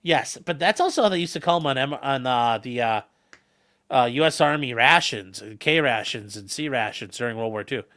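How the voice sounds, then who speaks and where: A man's voice: medium pitch, lively intonation, normal speed, a bit bright. A man hosting a livestream, rambling and joking as he reacts to the chat. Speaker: livestream host reading chat. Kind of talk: casual stream chat.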